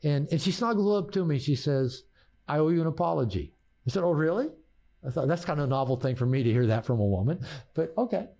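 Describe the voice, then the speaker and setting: An older man who works as a therapist and author tells personal stories on a podcast, restarting with repeated words and laughing at his own punchlines. His voice sits on the high side, animated and fast, creaky but warm.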